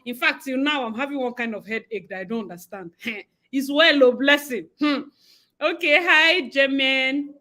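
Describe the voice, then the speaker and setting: A woman's voice: high voice, moderate pace, pushed and bright. A young woman with a Nigerian accent hosting a casual livestream, chatting and greeting viewers by name with frequent laughter. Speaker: livestream host. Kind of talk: casual live-stream chat.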